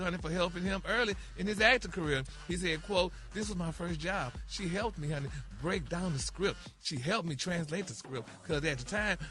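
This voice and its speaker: A man's voice: a little high, sharp tone. A man hosting a morning radio gossip segment, sassy and chatty, calling everyone "honey". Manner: sassy, peppers talk with "honey".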